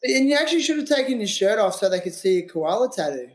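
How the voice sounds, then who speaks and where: High-voiced podcast host, teasing. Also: male voice, big pitch swings, fast. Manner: teasing, jokey, filler-heavy. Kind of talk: casual interview chat.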